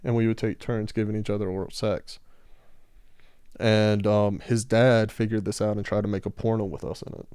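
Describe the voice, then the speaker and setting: A man tells his story bluntly and openly in a laid-back podcast chat. His voice sits low and mellow with a smooth tone. The recording is close and dry. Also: little pitch movement, moderate pace, no echo. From Georgia, US. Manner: frank, candid storytelling. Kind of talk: casual podcast conversation.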